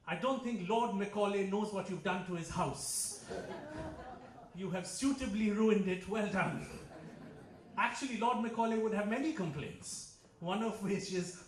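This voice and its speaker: A man's voice: high voice, echoey room. A man from India with an Indian English accent, doing a stand-up comedy set with a dry, ironic delivery and frequent self-corrections. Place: club hall with a live audience. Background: audience laughter.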